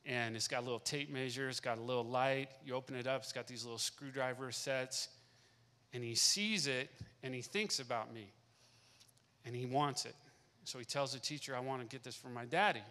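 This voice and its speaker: A man's voice: medium pitch, steady tone, normal speed, bright, forceful tone. A middle-aged man giving an emotional testimony in a church service, repeating phrases as he tells a family story. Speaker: guest speaker. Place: church sanctuary. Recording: long reverb of a large hall.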